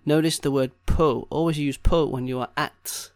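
A man teaching a casual Danish lesson, saying each phrase slowly and repeating it, then explaining it in easygoing English. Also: fairly high pitch, fairly even intonation, no room sound.

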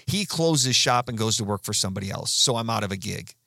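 A man's voice: lowish voice, expressive, fairly quick, gravelly, sharp tone, no echo, studio quality. A man in his fifties casually telling rambling stories about his career as a guest, with fillers and restarts. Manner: chatty, rambling anecdotes with frequent fillers and restarts. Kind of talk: casual storytelling.

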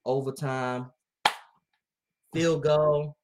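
A man chatting casually on a podcast, telling animated stories and laughing often. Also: a little high, drawn-out words. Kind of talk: casual chat.

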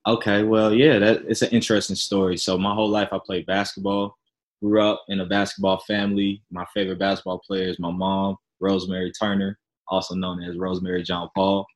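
Deep-voiced young man telling his story. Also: flat delivery, fairly quick, low-quality recording. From Chicago, Illinois. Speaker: podcast guest. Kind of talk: casual interview storytelling.

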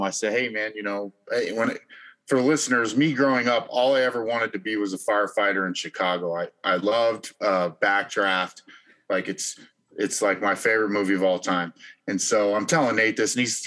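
A man hosting a podcast, telling stories in an animated, expressive way. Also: lowish voice. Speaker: podcast host. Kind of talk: casual podcast storytelling.

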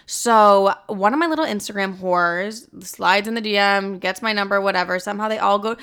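A woman's voice: mid-range voice, normal speed, fairly bright tone, clean tone. A young woman hosting her own podcast, chatting casually in a playful, profane, gossipy way. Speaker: podcast host. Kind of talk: casual chat.

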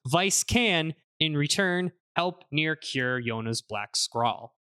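A man hosting a casual podcast, recapping a game's story in an animated way with fillers. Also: fairly high pitch, slow, clear, resonant tone. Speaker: podcast host summarizing a game. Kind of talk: casual chat.

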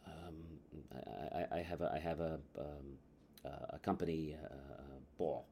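A man doing a hesitant, halting shopper. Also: medium pitch, a little mellow, a little hiss or hum, lightly acted. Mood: uneasy. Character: uneasy male customer dodging questions.

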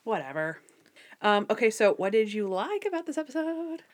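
A young adult woman with a medium-pitched voice co-hosts a casual podcast at a normal speed. She recaps an episode in an animated way, laughing a lot and acting out quotes in varied voices.

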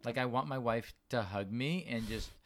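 A man's voice: medium pitch, normal speed, a bit bright. A man co-hosting a marriage podcast, talking casually with fillers and restarts. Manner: conversational, frequent fillers and restarts. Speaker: podcast co-host. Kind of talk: casual chat.

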